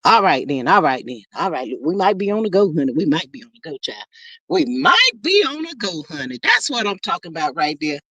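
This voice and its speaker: A woman's voice: on the low side, sing-song, brisk, bright, forceful tone, dry recording. A woman hosting a casual livestream, greeting viewers by name and chatting playfully. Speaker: livestream host reading chat.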